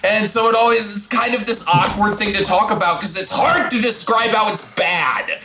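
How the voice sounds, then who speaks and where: A man's voice: sits high, normal speed, reverberant, a crowd in the background. A man co-hosting a casual podcast, rambling and filling his talk with "like". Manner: rambling, fills with "like". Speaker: podcast co-host. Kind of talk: casual chat.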